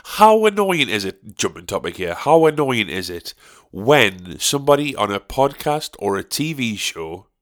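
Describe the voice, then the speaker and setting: A man's voice: medium pitch, sing-song, unhurried, a bit bright. Sweary, sarcastic man ranting. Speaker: podcast host. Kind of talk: solo podcast rant.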